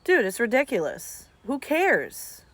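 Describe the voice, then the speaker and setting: A woman's voice: on the high side, wildly swooping pitch, unhurried, fairly bright tone, no echo. A woman, chatting casually and bluntly to her viewers as a streamer, swearing freely. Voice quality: blunt and profane, talks straight at viewers. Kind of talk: casual chat.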